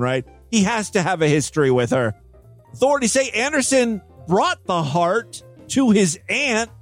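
A man reading out crime news stories and breaking in with sarcastic, profane jokes. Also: high-pitched. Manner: sarcastic, profane, mocking asides. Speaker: comedic news commentator.

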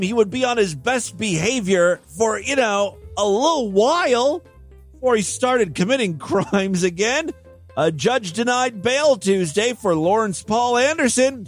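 A man reading out crime news stories and breaking in with sarcastic, profane jokes. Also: sits high. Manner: sarcastic, profane, mocking asides. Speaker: comedic news commentator.

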